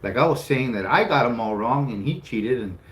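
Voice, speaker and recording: A man's voice: medium pitch, animated, brisk, fairly bright tone. A man co-hosting a casual chat, telling a story animatedly, acting out the voices of others and swearing freely. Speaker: co-host. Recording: roomy with faint background noise.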